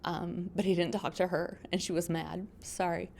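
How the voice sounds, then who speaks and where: Brief: middle-aged woman, low gravelly voice, halting and reflective testimony, faint hiss behind. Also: little pitch movement, a little mellow. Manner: halting, reflective, many ums and restarts. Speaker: mother sharing a testimonial. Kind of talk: personal testimonial.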